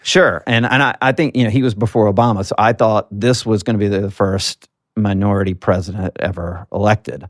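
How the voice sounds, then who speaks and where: Low-voiced Southern-raised man telling stories. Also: steady tone, a little fast, no room sound, clean studio sound. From Alabama, US South. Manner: earnest storytelling with frequent fillers. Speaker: guest, political marketing strategist. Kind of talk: casual interview talk.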